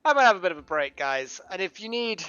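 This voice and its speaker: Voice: medium pitch, sing-song, quick pace, pushed and bright, clean tone, dry recording. A streamer chatting casually through a live game session, giggling often and rambling through restarts. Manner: giggly, keeps breaking into laughter; rambling, full of restarts and fillers. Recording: dull lo-fi dry mic.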